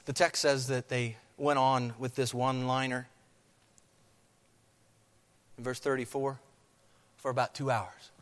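Dramatic preacher in a reverberant hall. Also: male voice, mid-range voice, flat delivery, moderate pace, fairly bright tone. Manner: dramatic, acts out crowd chants. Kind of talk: sermon.

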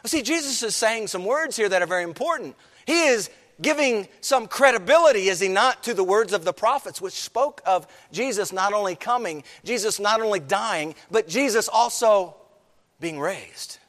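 A man preaching a sermon to his congregation, swinging between quiet, low passages and raised, emphatic ones. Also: lively intonation, normal speed, long reverb tail. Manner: preaching, rising and falling with emphasis, addresses the congregation. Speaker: pastor.

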